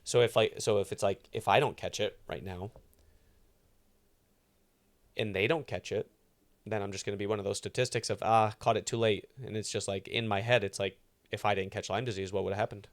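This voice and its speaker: Low-voiced man chatting on a podcast. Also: steady tone, a little fast. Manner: rambling, lots of fillers and restarts. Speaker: podcast co-host. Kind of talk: casual chat.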